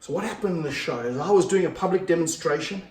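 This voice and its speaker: A middle-aged man, a snake handler and vlog host, talks fast and a little high as he handles a snake for the camera. He's energetic and out of breath in a casual way, pausing his explanations to coax it. The recording, made indoors in a room with slippery floors, has a roomy echo, faint music, and his voice a bit far from the mic.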